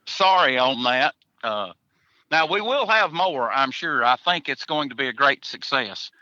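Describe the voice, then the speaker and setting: Bright-voiced man in his forties. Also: medium pitch, animated, measured pace, no room sound, lo-fi sound. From Tennessee, USA. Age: 40s. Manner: folksy, joking, chuckles between answers. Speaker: guest hunter. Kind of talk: casual podcast interview.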